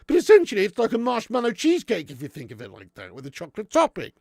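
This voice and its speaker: A man chats and banters on a live stream, swearing freely and laughing between jokes. His voice sits high and swings widely in pitch, with a gravelly rasp. The sound is close and dry. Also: huge pitch swings, quick pace, darkish tone, dry recording. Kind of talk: casual live-stream chat reading viewer comments.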